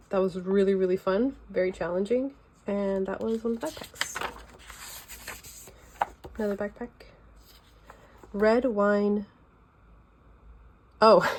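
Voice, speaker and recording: Showing off her sketchbook at home, a young Californian-accented woman talks in a loose, rambling, chatty way full of fillers. She speaks slowly with long pauses in a medium-pitched, steady, darkish voice, over slight background noise.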